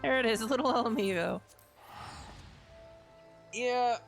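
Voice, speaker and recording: A woman's voice: mid-range voice, expressive, normal speed, faint music behind. A woman streaming a game, chatting casually, joking and reading the game's lines aloud. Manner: playful, reads game dialogue aloud and jokes; swears casually and laughs often. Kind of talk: casual live gameplay commentary.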